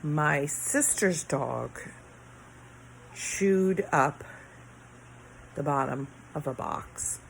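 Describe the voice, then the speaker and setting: A woman's voice: sits low, expressive, very slow, vocal fry, long pauses, a little hiss or hum, poor audio. A tired middle-aged woman rambling late at night in her bedroom, yawning and sighing as she trails off mid-thought. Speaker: vlogger. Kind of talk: casual late-night chat to camera.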